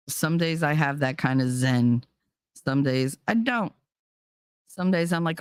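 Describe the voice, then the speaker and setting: A woman's voice: sits low, a little slow, pauses often, clean tone, no echo, studio quality. Blunt middle-aged New Jersey woman. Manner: blunt, swears freely, animated. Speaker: podcast host, parent. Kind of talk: casual candid talk.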